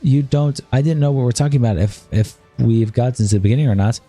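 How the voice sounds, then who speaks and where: A man streaming live, reading a long chat argument aloud in a rapid, flat read-through. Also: mid-range voice, husky, soft background music.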